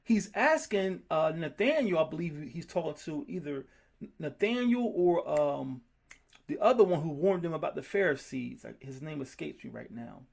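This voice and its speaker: A man's voice: on the high side, normal speed, creaky. A man leading a group scripture study, talking in an emphatic, worked-up way. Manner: animated, emphatic, gets worked up. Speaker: Bible study teacher.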